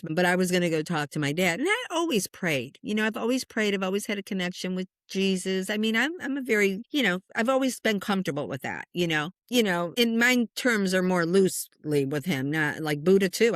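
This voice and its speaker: A woman in her sixties, a spiritual medium, telling a personal story in a casual interview, chatty and lively, acting out the voices of the people in it. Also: lowish voice, no room sound, clean studio sound. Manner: animated storyteller who acts out quoted voices; chatty, with frequent "you know" and "like".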